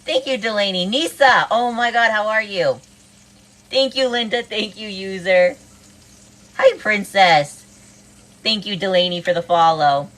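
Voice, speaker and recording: A woman's voice: mid-range voice, measured pace, a bit bright. A woman from the US East Coast on a cooking livestream, bubbly, greeting viewers one after another and saying "oh my God" a lot. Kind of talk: casual livestream chat.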